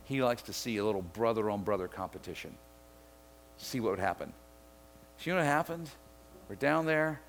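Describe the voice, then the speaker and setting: A middle-aged Mississippi pastor with a medium-pitched voice preaches a sermon, telling a story to drive home his point. He builds up to excited shouting, and there's slight background noise.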